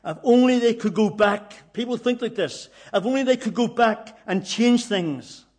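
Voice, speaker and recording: A man's voice: very high-pitched, moderate pace, darkish tone. A man preaching a sermon, telling stories earnestly and repeating phrases for emphasis.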